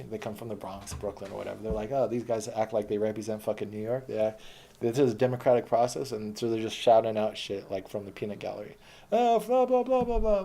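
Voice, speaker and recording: Gravelly, dark-voiced man rambling bluntly. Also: fairly low pitch, slight background noise. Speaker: former protester recounting his past. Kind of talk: reading old posts aloud and commenting.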